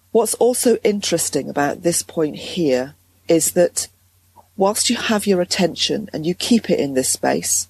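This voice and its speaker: A woman coach explains her ideas calmly and shows them as she talks. Her voice is husky, with a gravelly fry underneath. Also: low voice, poor audio. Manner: calm, explanatory, demonstrates voice placement. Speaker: transformational coach. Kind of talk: guest explaining and demonstrating.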